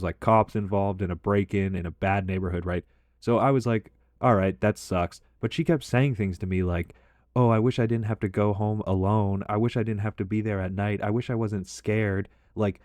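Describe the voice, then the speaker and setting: A man's voice: lowish voice, a little mellow, dry recording, studio quality. A man casually telling a personal story over gameplay, rambling and candid, with lots of filler words and swearing. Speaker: storytime commentator.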